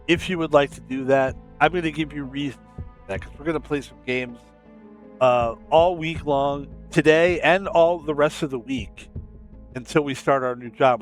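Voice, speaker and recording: Rambling American man, fairly high voice. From United States. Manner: rambling, profane, self-promoting. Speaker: streamer. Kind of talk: casual stream chat.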